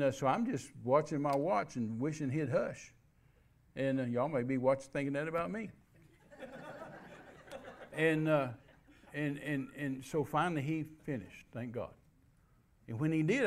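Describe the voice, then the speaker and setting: A man preaching, telling a story in a folksy, animated way and acting out what people said. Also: a little high, normal speed. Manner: folksy, animated, acts out quotes. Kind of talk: storytelling sermon.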